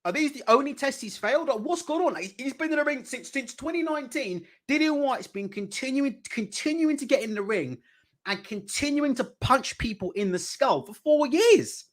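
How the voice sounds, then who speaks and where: A man's voice: very high voice, expressive, normal speed. A British man hosting a boxing channel, ranting in live commentary with heated, profane rhetorical questions. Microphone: desk mic.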